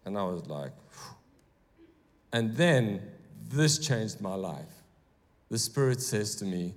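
A man's voice: lowish voice, slow pace, pauses often. Man preaching in a reverberant hall. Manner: animated, acts out quotes in bursts. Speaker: guest speaker. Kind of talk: sermon storytelling. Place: church hall. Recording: long church reverb.

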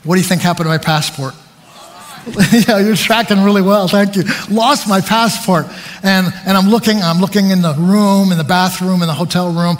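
A man preaching a sermon, telling stories about himself with animated, self-deprecating humor. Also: high-pitched, moderate pace, big-room sound.

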